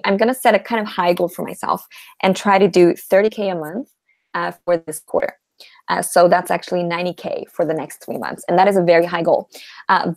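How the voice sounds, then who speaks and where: A woman writer shares her plans on a live video panel, earnest and thoughtful, pausing on "uh". Her voice sits a little low and sounds dry and close to the mic. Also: gravelly, no room sound. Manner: earnest, thoughtful, with soft laughs and "uh" pauses. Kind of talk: casual live video chat.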